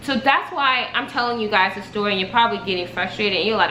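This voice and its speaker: A young woman spins a dramatic story for her vlog in a high, animated voice. Her tone is bright and sharp. The room around her is echoey. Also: fast talker, a little hiss or hum. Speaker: vlogger. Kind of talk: casual storytime.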